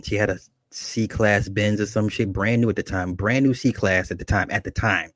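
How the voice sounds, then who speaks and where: A man's voice: lowish voice, steady tone, moderate pace, no room sound. A man telling a comic dating story in loose, profane street talk, full of laughing asides. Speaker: comedic storyteller.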